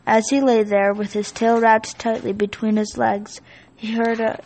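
A woman reads a children's picture book aloud. Her voice sits fairly high and carries some gravelly fry. Her delivery is steady and expressive, like a storyteller at bedtime. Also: a little slow, low-quality recording.

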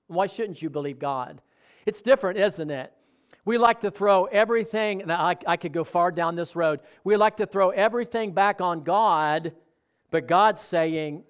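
A man's voice: sits high, normal speed. A man preaching a sermon in a conversational way, often asking the congregation questions. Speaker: pastor.

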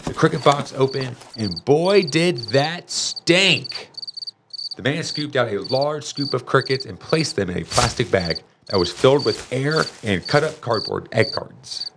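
Animated man reading a storybook. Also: mid-range voice, measured pace, very noisy. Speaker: narrator.

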